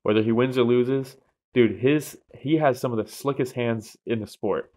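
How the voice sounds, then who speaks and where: A young man co-hosting a fight podcast, talking excitedly, laughing often and swearing freely. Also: medium pitch, moderate pace. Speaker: podcast co-host. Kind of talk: casual chat.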